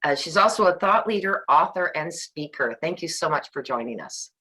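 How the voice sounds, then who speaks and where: A woman hosting a podcast, introducing her guest and asking questions in an encouraging, slightly halting way. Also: sits low, animated, bright, forceful tone, rough recording. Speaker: podcast host. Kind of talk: interview hosting.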